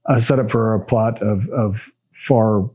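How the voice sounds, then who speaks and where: Middle-aged male podcast host, lowish voice, blunt, unhurried and off the cuff. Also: steady tone, dark tone, husky. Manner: plain, blunt and unhurried, with many fillers and restarts. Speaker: podcast host answering viewer questions. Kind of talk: casual solo Q&A monologue.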